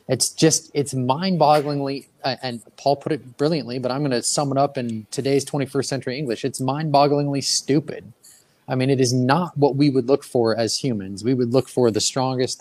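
A man's voice: medium pitch, darkish tone. A man in his own plain voice co-hosts a faith podcast. He talks casually and stretches key words out for emphasis. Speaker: podcast co-host.

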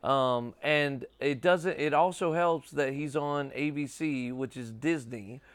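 Casual rambling man, smooth dry voice. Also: on the high side, slow, no room sound. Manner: rambling, swears casually, lots of "dude" and "like". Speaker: podcast host. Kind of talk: casual chat.

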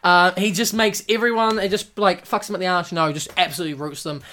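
A man hosting a podcast, giving a casual and excitable cricket recap full of swearing and mock voices. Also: high voice, fast talker. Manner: excitable and profane, acts out players in mock voices. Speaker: podcast host.

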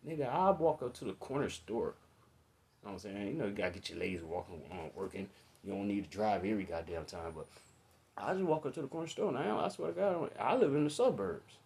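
A man's voice: on the low side, darkish tone. A man, talking in a casual, profane monologue, blunt and opinionated and full of strong swearing. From United States. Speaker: commentator.

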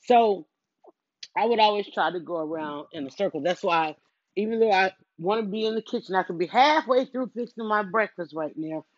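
A middle-aged woman chats her way through a rambling story in a casual chores vlog, wandering around her home. She often cuts herself off and plays out her own thoughts in quoted self-talk. Her voice is medium-pitched at normal speed, and the headset mic is close, dry, slightly muffled, and echo-free.

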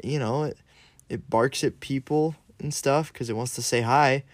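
A man's voice: medium pitch, fairly even intonation, moderate pace, dry recording. Rambling playful man, dry sound. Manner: rambling, many "like" fillers, playful. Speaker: co-host. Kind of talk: casual chat.

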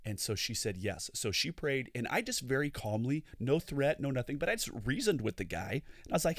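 A man co-hosting a ministry podcast, telling stories in an animated way with preacherly asides. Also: medium pitch, brisk, hardly any pauses, no echo, clean studio sound. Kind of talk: storytelling podcast chat.

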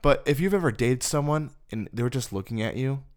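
A man telling personal stories in a relaxed faith chat, mid-pitched and conversational. He talks to his listener directly, using everyday examples as he goes. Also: a little fast. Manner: casual storytelling, conversational asides.

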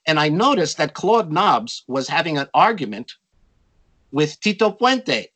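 An older man telling stories from his music career in an interview, animated and acting out quotes in a raised voice. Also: on the high side, a little slow, breathy edge, rough recording. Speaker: interview guest, jazz musician. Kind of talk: storytelling in a conversation.

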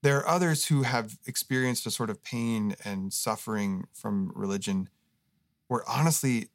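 A man's voice: medium pitch, normal speed, no echo, clean studio sound. Earnest man telling a story. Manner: earnest storyteller, animated retelling. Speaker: guest, co-pastor and author. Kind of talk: casual interview talk.

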